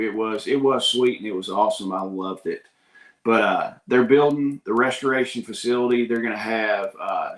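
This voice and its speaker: A man tells a personal story in a casual, folksy way, earnest and unpolished. His voice sits at an ordinary middle pitch. The room has a noticeable echo. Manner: folksy and earnest, heavy on "I was like".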